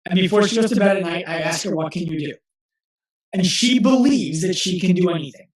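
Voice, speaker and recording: With a roomy echo around his fairly high voice, a physical therapist and coach in his thirties talks as an interview guest. His manner is earnest and conversational, and his storytelling is punctuated by frequent quick restarts.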